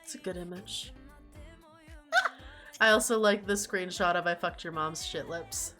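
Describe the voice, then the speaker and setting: Bright chatty young woman streamer. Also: on the low side, unhurried, faint music behind. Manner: chatty storyteller, laughs a lot, fills with "like". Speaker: streamer host. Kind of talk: casual chat.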